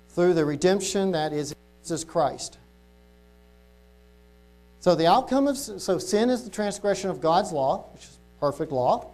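A lay preacher gives an informal sermon to a congregation, speaking casually and reading Bible verses slowly and deliberately. His voice is high and mellow.

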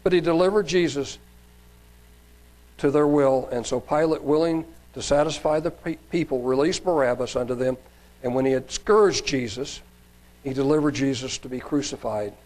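A man's voice: mid-range voice, moderate pace, darkish tone, rough recording. A man preacher reading Bible passages aloud and adding sermon comments, raising his voice for quoted cries, with some fillers and restarts.

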